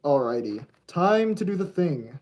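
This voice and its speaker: Excitable young man yelling at trains. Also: fairly high pitch, a little slow. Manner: excitable, yells at toy trains. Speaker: model railway streamer. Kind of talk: casual live-stream commentary.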